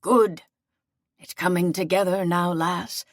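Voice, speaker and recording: A woman voicing an aging, wounded male seneschal who speaks slowly and solemnly in a gentle, fatherly way. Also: lowish voice, steady tone, dry recording, studio quality. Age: older.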